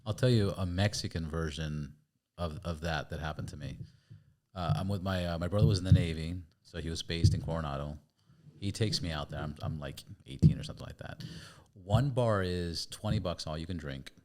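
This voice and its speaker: A low-voiced man hosts a podcast in an easy, chatty way. He tells his own story and jumps into sound effects and other people's lines as he goes. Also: brisk. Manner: lively, acts out sounds and quotes. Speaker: podcast host. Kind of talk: casual storytelling.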